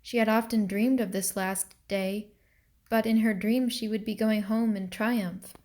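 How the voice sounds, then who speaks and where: A woman narrating a storybook chapter for students at a slow, unhurried pace. Her reading is calm and deliberate, in a mid-range voice. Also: medium pitch.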